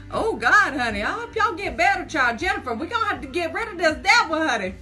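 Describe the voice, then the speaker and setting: Woman, live-stream seller on a phone; high, sharp, folksy, keeps saying honey and child. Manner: chatty, folksy, says "honey" and "child" constantly; jittery, talks through nerves. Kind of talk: casual live-stream chat.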